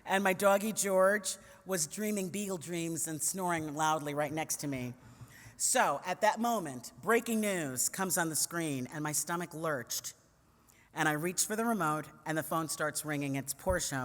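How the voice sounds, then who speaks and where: A woman's voice: deep voice, unhurried. Witty woman telling stories in a big hall. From New York City. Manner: witty, conversational, with playful asides to the audience. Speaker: commentator and conference speaker. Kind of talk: humorous personal storytelling talk. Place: large conference hall. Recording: long reverb of a big hall.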